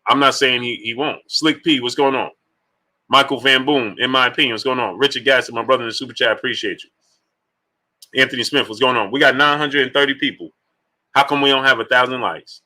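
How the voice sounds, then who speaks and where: Bright-voiced man hosting a boxing livestream. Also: medium pitch, fast talker. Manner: animated, shouts out viewer names between opinions. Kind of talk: casual live stream chat, reading super chats.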